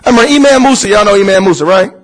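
High husky male teacher asking questions. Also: animated, rapid-fire, rough recording. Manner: conversational, asks the audience questions and answers them himself. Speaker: Muslim teacher. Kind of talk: informal religious lecture to a class.

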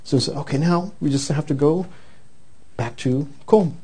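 Male preacher, high and warm-toned, animated storyteller mid-sermon. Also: normal speed, slightly rough. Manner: animated storyteller, acts out the quoted voices.

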